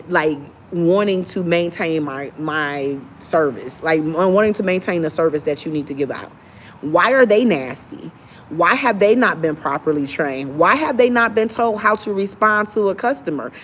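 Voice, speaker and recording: A young woman venting about airline customer service in an opinionated rant to camera, now and then putting on a soft, polite service voice. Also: fairly low pitch, expressive, moderate pace, a little hiss or hum. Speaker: travel vlogger.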